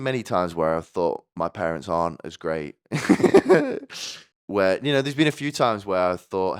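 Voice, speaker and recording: A man's voice: deep voice, moderate pace, clear, resonant tone, no room sound, clean studio sound. A man hosting a podcast, telling rambling personal stories with crude jokes and asides. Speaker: podcast host. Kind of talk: comedic personal monologue.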